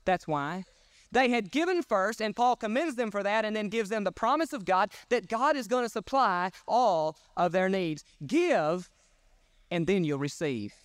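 A man's voice: high-pitched, lively intonation, unhurried, clean tone, dry recording, clean studio sound. A man preaching a sermon at a church service, emphatic and folksy as he retells Bible stories. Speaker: pastor.

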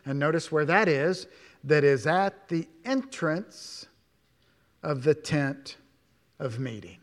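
A male pastor delivers a sermon in a church, his voice sitting a little high for a man. He punches key words, then falls to near-whispers and asks his listeners many questions. The sound rings with a long hall reverb. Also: expressive, slow pace. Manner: emphatic, swings between loud stresses and hushed asides, many rhetorical questions.

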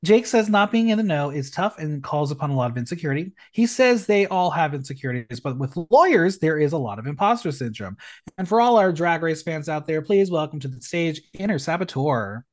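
A man's voice: on the high side, brisk. A man hosting a podcast, recapping an episode in casual, sarcastic chat. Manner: sarcastic, animated, recaps the episode and mimics contestants. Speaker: podcast host.

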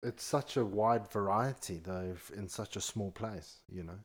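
A man co-hosting a podcast in casual chat, answering with wry, deadpan banter. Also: fairly low pitch, moderate pace. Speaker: podcast co-host.

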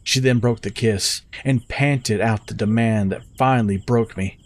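Steady male audio-story narrator. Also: on the low side, a little slow. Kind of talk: scripted first-person narration.

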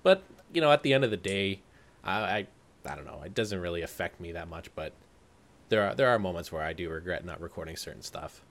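A man in a casual group chat who tells stories with animated energy and swears freely. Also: low-pitched, brisk. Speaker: video creator guest.

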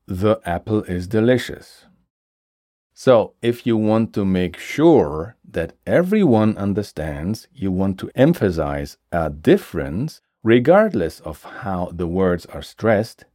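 Low voiced guy explaining grammar slow and clear, dry close mic. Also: darkish tone, dry recording. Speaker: language teacher. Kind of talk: scripted grammar lesson.

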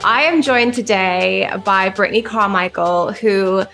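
A woman hosting a casual podcast interview in a warm, affirming, gushing manner. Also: medium pitch, unhurried, soft background music. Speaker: podcast host.

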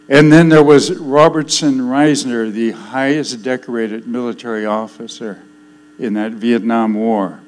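An older man preaching a sermon, swinging between loud declarations and hushed, solemn passages. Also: mid-range voice, steady tone, unhurried, low-quality recording.

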